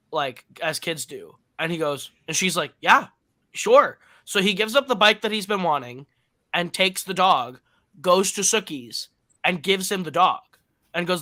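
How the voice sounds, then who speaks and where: A man's voice: fairly high pitch, moderate pace, bright, forceful tone, no room sound. A man co-hosting a film podcast, retelling a movie's plot in a rambling way, correcting himself often and using lots of fillers. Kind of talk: casual plot recap and review.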